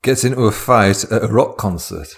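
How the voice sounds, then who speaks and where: Dry low-voiced podcast man. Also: normal speed, gravelly, a little hiss or hum. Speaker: podcast co-host. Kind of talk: improvised comedy podcast chat.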